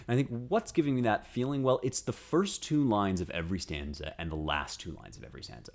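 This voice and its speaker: A man's voice: on the low side, very animated, moderate pace, few pauses. A man hosting a casual lecture on poetry, eager and chatty, reading verse aloud with a strong beat. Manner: enthusiastic, reads verse aloud with rhythm. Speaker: host.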